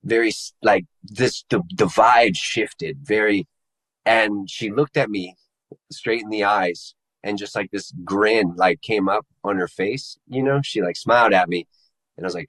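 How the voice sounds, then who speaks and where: A man telling his personal story to an interviewer in a casual, halting way, searching for the right words. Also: lowish voice, fairly bright tone, poor audio. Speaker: interview guest. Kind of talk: personal testimony in casual conversation.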